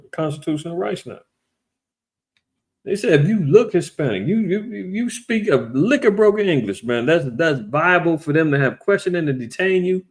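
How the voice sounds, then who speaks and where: A man's voice: medium pitch, a little mellow. A man giving a casual, blunt and profane commentary on current events.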